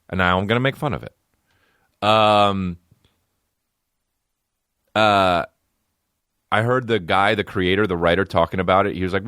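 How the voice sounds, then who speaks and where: A comedian in his thirties hosts a podcast and rants with a lot of swearing and restless energy. His voice sits low but jumps all over the place. The sound is close and dry. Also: no echo. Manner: profane, animated, riffing. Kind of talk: casual comedic rant.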